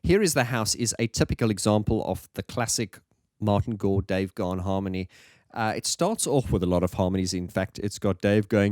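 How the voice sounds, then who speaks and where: A man's voice: fairly low pitch, a little fast, darkish tone, no echo, clean studio sound. A man reviewing an album in a casual, enthusiastic, rambling monologue.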